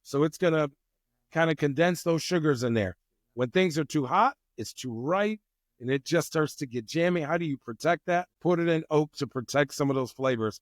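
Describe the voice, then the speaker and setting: A man chatting casually as an interview guest, telling lively stories and acting out what people said. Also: a little high, normal speed, no echo, clean studio sound. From United States. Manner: animated storyteller who acts out quotes. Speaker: guest, wine company president.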